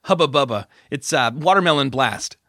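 A man's voice: medium pitch, animated, moderate pace, pushed and bright, no room sound, clean studio sound. A man voicing a small, defiant teenage girl in an audiobook, speaking in a mocking, taunting way.

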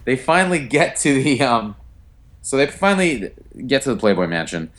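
A man's voice: medium pitch, moderate pace. A man co-hosting a podcast, chatting casually about a TV show with lots of fillers and restarts. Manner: relaxed, hedging with fillers and restarts. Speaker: podcast co-host. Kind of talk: casual chat.

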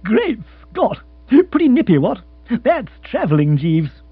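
A man's voice: high voice, very animated, normal speed, husky, no echo, pitched above the performer's own voice, exaggerated voice. A man playing a chirpy, flustered young lord. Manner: breezy, flustered, exclamatory. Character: excitable young male English aristocrat. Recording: tinny phone-like sound with mains hum.

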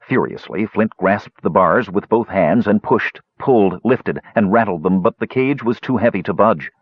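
Deep husky male audiobook narrator. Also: moderate pace, dry recording. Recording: dull lo-fi, dry.

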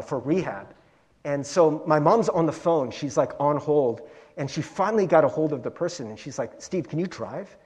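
A male pastor giving a conversational sermon, animated and chatty, peppering his talk with "like" and "right?". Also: a little high.

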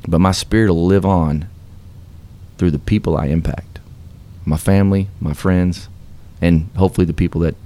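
A man with a deep, steady, mellow voice speaks at normal speed as a guest on a radio show. In this radio interview, he tells his success story motivationally, with earnest, upbeat, preacher-like emphasis.

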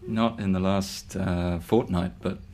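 Wry low-voiced male radio guest. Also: steady tone, slow, a little mellow, slight background noise. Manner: wry, amused, hesitant with fillers. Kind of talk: casual chat and reading on radio.

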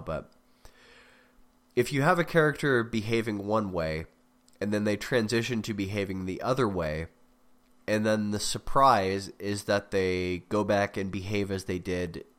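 A man with a somewhat low voice and a slightly sick sound talks through a story critique in a loose, rambling way. He interrupts himself and tosses in dry, wry asides as a podcast host. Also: moderate pace, fairly bright tone. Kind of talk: casual spoken critique.

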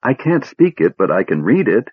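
A man's voice: on the low side, very animated, moderate pace, husky, no echo, phone-quality sound, pitched above the performer's own voice. A man reading aloud who voices a small, nervous male kender, talking eagerly and stammering.

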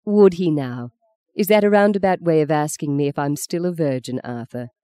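A reader voicing Justine, a cool, self-possessed young woman with a crisp, dry, teasing manner. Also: medium pitch, normal speed, warm tone, no room sound, close to an everyday voice.

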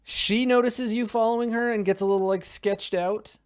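A man's voice: high voice, fairly even intonation, moderate pace, clean tone. A man narrating as game master of a tabletop game, describing scenes loosely with lots of fillers and restarts.

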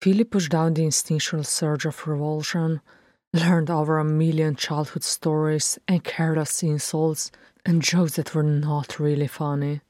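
Low-voiced woman narrating a story. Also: no echo, clean studio sound. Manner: steady, measured storytelling. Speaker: reader. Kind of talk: audiobook fan fiction narration.

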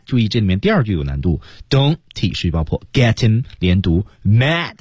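Deep-voiced male radio English teacher. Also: big pitch swings, normal speed, hardly any pauses, a little mellow, slightly rough, no room sound, studio quality. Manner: explanatory, encouraging. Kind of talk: radio lesson, coaching pronunciation. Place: radio studio.

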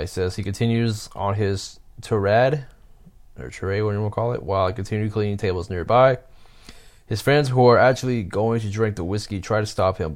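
A man reading stories aloud and commenting on them, with halting asides and chuckles. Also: on the low side.

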